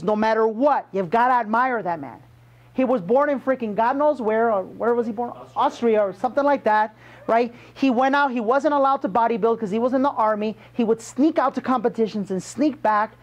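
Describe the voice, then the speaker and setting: A man coaching a room of salespeople, emphatic and punchy, firing questions at his audience. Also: extremely high pitch. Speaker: sales trainer. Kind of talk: motivational sales training talk.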